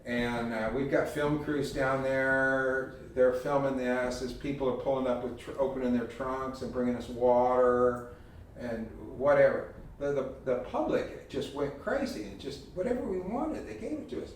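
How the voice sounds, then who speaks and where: A man with a drawl spins a folksy, animated story for a room, dropping into the voices of the people he quotes. He sounds set back from the mic, and the hall around him rings with a long echo. A faint hum sits underneath. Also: medium pitch, moderate pace. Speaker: speaker giving a talk. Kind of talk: storytelling talk with slides. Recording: echoey hall, heard from a distance.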